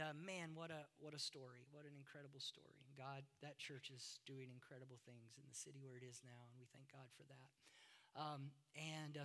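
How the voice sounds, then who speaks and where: A middle-aged male pastor preaching a sermon, dramatic, moving from loud emphasis to hushed asides. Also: on the high side.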